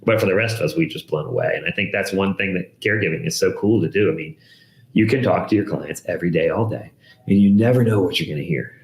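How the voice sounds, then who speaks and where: Low-voiced male expert guest, animated anecdotes, roomy echo. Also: fast talker. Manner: animated storyteller, acts out quoted voices. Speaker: guest, downsizing expert and TV host. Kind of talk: casual interview storytelling.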